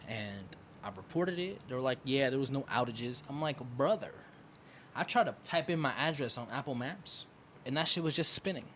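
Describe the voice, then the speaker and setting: A man's voice: medium pitch, expressive, normal speed, fairly bright tone, slight background noise. A young man co-hosting a podcast, telling a story in casual chat, swearing freely and acting out his arguments with a phone company. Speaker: podcast co-host.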